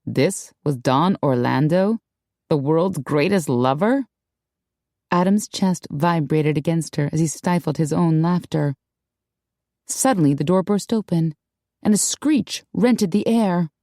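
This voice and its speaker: A woman reading a romance audiobook in a measured, unhurried way with wry asides. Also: low voice, mellow, no echo, clean studio sound. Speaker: audiobook narrator. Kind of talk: scripted narration.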